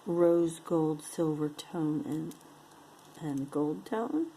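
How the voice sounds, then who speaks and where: A woman's voice: sits low, drawn-out words, warm tone, a little hiss or hum, rough recording. A woman casually showing and describing jewelry pieces one by one, with playful sing-song asides. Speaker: jewelry unboxing vlogger. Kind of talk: casual show-and-tell commentary.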